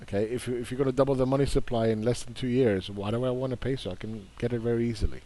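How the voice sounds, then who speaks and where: This investing commentator is a man with a mid-range, steady, warm voice who talks very fast. His casual market commentary is combative: he brushes off opposing views and repeats words for emphasis.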